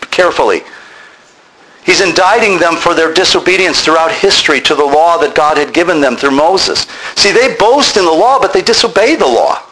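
A man's voice: sits high, bright, forceful tone, low-quality recording. A man preaching a sermon, emphatic and exhorting his listeners directly.

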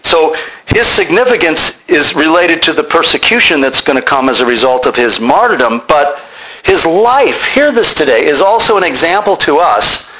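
A man's voice: fairly high pitch, sharp tone, rough recording. A man preaching a sermon, emphatic and exhorting his listeners directly.

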